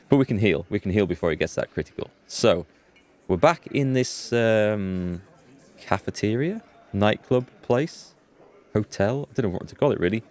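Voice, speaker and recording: A man's voice: lowish voice, animated, a little slow, darkish tone. A man hosting a let's play, chatting casually as he thinks aloud and reads game dialogue, chuckling at the text.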